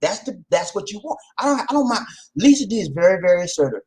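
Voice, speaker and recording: A man hosting a casual advice talk, animated and preachy, with slang and loud laughs at his own jokes. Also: high voice, fast talker, low-quality recording. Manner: slangy, repeats "man" and "okay". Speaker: vlog host.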